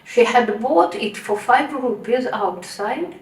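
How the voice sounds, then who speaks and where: Older Russian-accented woman, halting and earnest. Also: a little high, animated. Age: 60s. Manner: earnest, halting, frequent hesitations. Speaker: devotee sharing testimony. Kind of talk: personal testimony. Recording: roomy, distant mic.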